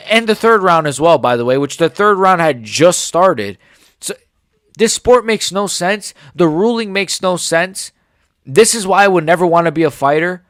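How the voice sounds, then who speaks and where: A man's voice: a little high, a bit bright, no room sound, studio quality. A man in his forties giving a heated, sarcastic reaction rant full of swearing. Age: 40s. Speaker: MMA commentator.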